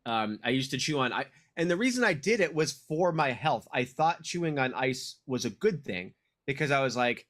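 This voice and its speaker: A man in his thirties co-hosting a podcast, telling a long story in loose casual chat. His voice sits at an ordinary middle pitch, and he swears freely and trails into laughs as he rambles on. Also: sing-song, normal speed, fairly bright tone. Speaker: podcast co-host.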